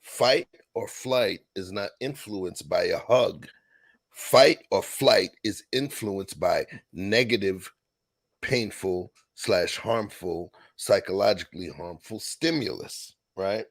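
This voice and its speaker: A man with a somewhat low voice leads a casual panel talk. He lectures in an informal, insistent way and keeps turning to the others for their views. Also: takes it slowly.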